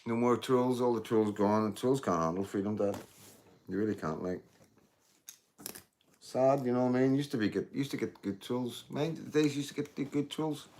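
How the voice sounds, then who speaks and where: A man's voice: mid-range voice, moderate pace, a little mellow, slight background noise. A middle-aged man, rambling and swearing through a casual livestream chat with viewers. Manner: rambling, swears freely, addresses viewers as mate and guys. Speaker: livestream host.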